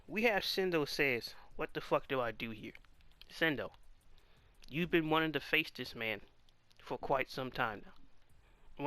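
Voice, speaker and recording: A man's voice: on the high side, pushed and bright, dry recording. A man giving casual commentary on a comic chapter, exasperated and firing off rhetorical questions. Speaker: manga reaction host.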